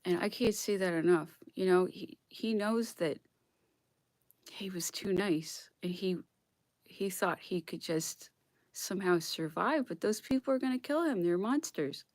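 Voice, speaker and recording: A woman's voice: medium pitch, moderate pace, darkish tone, dry recording. A woman in an impassioned solo vlog monologue, dropping into whispers at times and close to tears. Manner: emotional, drops into whispered asides, near tears. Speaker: vlogger reading history aloud.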